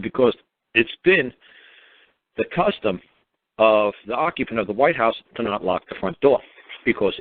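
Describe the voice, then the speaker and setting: A man telling stories in an emphatic, rambling way, swearing and acting out the people he quotes. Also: medium pitch. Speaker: speaker on law and public officials. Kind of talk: casual talk, storytelling. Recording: phone-like narrow sound.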